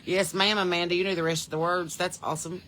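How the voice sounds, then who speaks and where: A woman with a Southern US accent hosts a laid-back podcast livestream, greeting viewers by name and state in a chatty, homey manner. She talks fast in a fairly low, a bit bright voice with fairly even intonation. Slight background noise is present.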